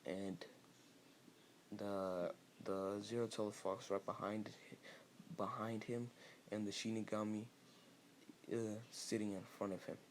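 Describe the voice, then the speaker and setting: A man's voice: lowish voice, little pitch movement, unhurried, long pauses, slight background noise. A man casually improvising a fan-fiction story, rambling with restarts and fillers.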